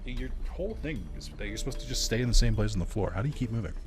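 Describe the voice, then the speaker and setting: Young guy casually talking over a game, rambly and a bit self-deprecating, quiet music under. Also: mid-range voice, animated, rapid-fire, hardly any pauses. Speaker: let's play creator. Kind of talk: casual gameplay commentary.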